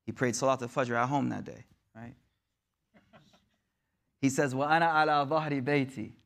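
A man's voice: medium pitch, fairly even intonation, normal speed, gravelly, a bit bright. A man giving a storytelling sermon, retelling an old account in the first person with Arabic quotes and casual, conversational phrasing. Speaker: preacher.

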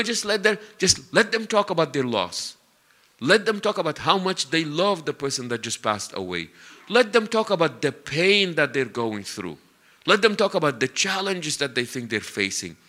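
A man preaching a sermon with animated storytelling, stretching out key words for emphasis and sprinkling in Arabic religious phrases. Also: a little high.

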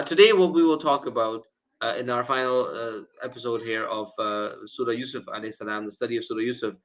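Male lecturer, sore throat, hesitant delivery with throat clearing, sharp bright tone, mid pitch. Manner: halting, frequent fillers and throat clearing. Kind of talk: religious lecture. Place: mosque lecture room.

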